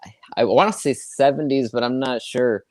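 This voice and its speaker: A man as a guest in a casual chat, relaxed and a little hesitant. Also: medium pitch, normal speed.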